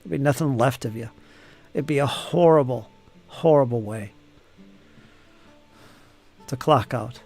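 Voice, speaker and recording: Gravelly guy hosting a hobby stream, teasing the chat and laughing a lot, soft music behind. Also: mid-range voice, a little slow, pauses often. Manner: joking, teasing chatter with frequent laughs. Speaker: live stream host painting miniatures. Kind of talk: casual chat reading viewer comments.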